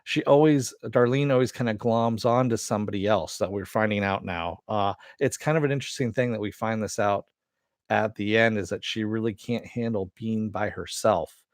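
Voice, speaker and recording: Male reviewer, lower register, dry booth sound; loose conversational recap full of fillers. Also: moderate pace, no room sound. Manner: rambling, many "you know" and "uh" fillers. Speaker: TV episode reviewer. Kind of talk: casual episode recap.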